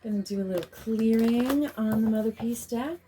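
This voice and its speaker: A woman, a spiritual healer, leading a slow, soothing guided meditation and a chanted prayer. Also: on the high side, warm tone, slight background noise. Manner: slow, soothing, incantatory delivery. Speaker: spiritual healer doing a tarot reading.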